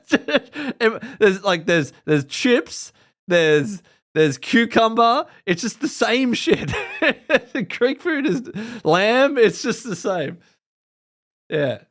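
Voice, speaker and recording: A chatty Australian man talks loosely to his live audience, rambling from one thought to the next. His voice sits a touch high for a man and swings widely up and down as he talks. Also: a bit bright. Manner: rambling, chatty, swears casually, reacts to chat. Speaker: live stream host. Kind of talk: casual chat with live viewers.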